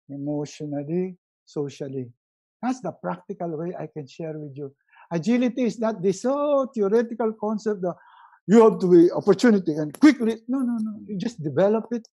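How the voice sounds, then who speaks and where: A man giving a lively motivational webinar talk, repeating words for emphasis and swinging between loud and hushed delivery. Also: high voice, rough recording. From Philippines. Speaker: resiliency coach.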